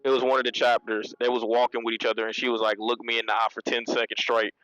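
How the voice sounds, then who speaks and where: A man's voice: medium pitch, little pitch movement, fast, a bit bright, smooth, no echo, poor audio. A man giving a casual spoken manga review, retelling scenes in a loose, slangy way and laughing often.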